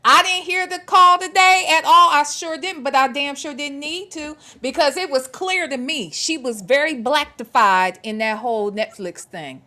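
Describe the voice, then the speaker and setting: A woman's voice: high voice, moderate pace, few pauses, pushed and bright. Sassy woman hosting a livestream. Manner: sassy, emphatic, slangy talk with playful repetition. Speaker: show host. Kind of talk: casual commentary livestream.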